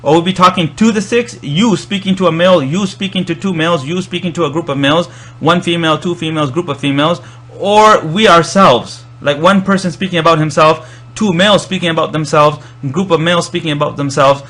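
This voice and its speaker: A man's voice: fairly high pitch, brisk, few pauses, a bit bright. A man explaining Arabic verb grammar in a lecture, often restarting and repeating words as he thinks. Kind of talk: recorded lecture.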